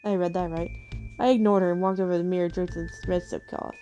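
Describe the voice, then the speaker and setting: A woman reads a game's story aloud in a mellow, darker voice, slipping in playful chatty asides between lines. Faint music plays underneath her. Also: lowish voice, steady tone, fast talker, highs cut off. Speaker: streamer reading a game story aloud. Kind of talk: casual read-aloud with asides.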